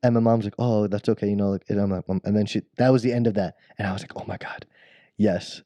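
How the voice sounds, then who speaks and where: On a podcast, a co-host with a low, mellow voice races through a long, rambling childhood story, restarting sentences and laughing at himself. His tone stays steady, and the close, dry recording sounds dull with no room sound.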